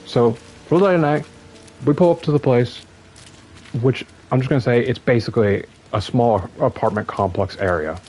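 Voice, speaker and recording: A man's voice: mid-range voice, normal speed, a little hiss or hum, low-quality recording. A young man from the US telling a long story on a stream in a casual, rambling way, full of fillers. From United States. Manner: rambling, animated, lots of fillers.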